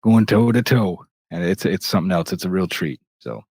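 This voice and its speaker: A man's voice: low-pitched, expressive, normal speed, vocal fry, a little mellow, husky, no room sound. A man co-hosting a casual podcast in a laid-back, wry way. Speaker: podcast co-host.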